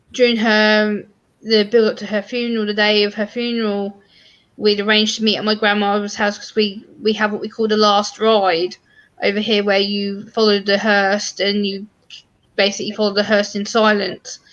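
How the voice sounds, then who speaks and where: A woman's voice: mid-range voice, level tone, moderate pace, fairly bright tone, muffled recording. A young woman in casual conversation, telling a story with emotion and animation.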